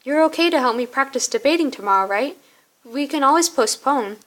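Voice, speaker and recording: A busy young college guy, brisk but caring, asking questions quickly, as a woman reading a story game puts him on. Slightly high and fast. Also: lively intonation, fairly bright tone. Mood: concerned.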